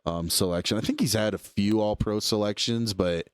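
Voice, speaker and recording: Deep-voiced young man, dry close mic. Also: moderate pace, smooth, dry recording. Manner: relaxed, rambling, many fillers. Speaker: podcast co-host. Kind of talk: casual sports chat.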